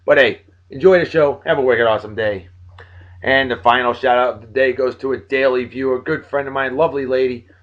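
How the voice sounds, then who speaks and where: With a steady tone and a slightly fast pace, a tired video-blog host in his forties gives friendly, joking shout-outs to friends. He alternates between loud bursts and low mumbles, and the audio sounds dull.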